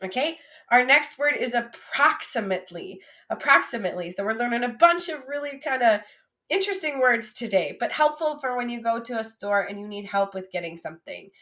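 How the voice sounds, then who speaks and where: A woman teaching French vocabulary patiently, saying words and pausing for the listener to repeat them. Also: fairly high pitch, lively intonation, sharp tone. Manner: patient, drills words for repetition. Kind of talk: recorded classroom lesson.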